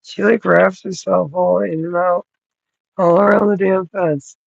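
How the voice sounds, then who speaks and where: A man's voice: high voice, steady tone, a little slow, creaky, no room sound, lo-fi sound. A man in his thirties vlogging outdoors on a cold, rainy night, rambling and swearing freely as he thinks aloud. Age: 30s. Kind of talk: rambling casual vlog talk.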